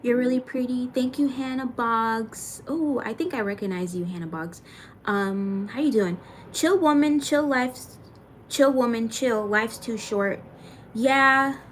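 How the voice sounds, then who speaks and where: Young woman streamer, slightly high voice, loose and chatty, curses casually. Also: unhurried, slight background noise. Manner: chatty, swears casually, thanks viewers by name. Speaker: livestreamer. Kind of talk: casual livestream chat reading comments.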